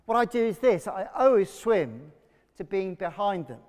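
A man delivers a lively sermon in a high, bright register. He calls on the congregation to repeat lines back to him. His voice rings with the long reverb of a church hall. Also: normal speed. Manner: energetic, leads congregation call-and-response. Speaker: pastor.

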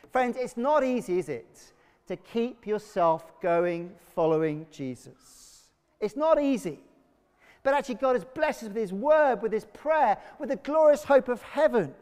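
High-voiced pastor in a reverberant church. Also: male voice. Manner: energetic, leads congregation call-and-response. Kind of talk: sermon. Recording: long reverb of a church hall.

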